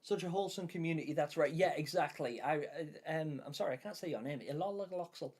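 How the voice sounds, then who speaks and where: A man's voice: on the high side, fast talker, a little mellow, slightly rough. A man hosting a live stream, chatting casually and enthusiastically while answering viewers in the chat. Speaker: livestream host.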